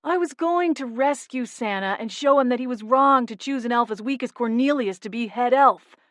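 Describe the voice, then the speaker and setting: A woman's voice: on the high side, normal speed, dry recording, clean studio sound, voice pushed up, lightly acted. A woman voicing a scheming male elf who sneers and resents being passed over. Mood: resentful. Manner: sneering, scornful.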